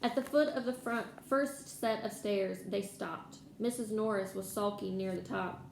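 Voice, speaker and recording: Woman reader, steady storytelling, dark, gravelly voice, echoey room with faint hiss. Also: mid-range voice, unhurried. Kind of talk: reading a novel aloud.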